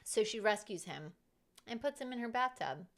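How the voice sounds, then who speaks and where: A woman streamer telling a story in casual chat, in an animated, chatty way. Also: fairly high pitch, moderate pace.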